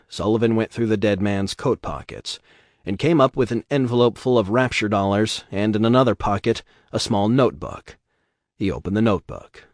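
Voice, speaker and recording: A man reading a novel aloud in a steady, measured audiobook narration. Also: fairly low pitch, no room sound, studio quality.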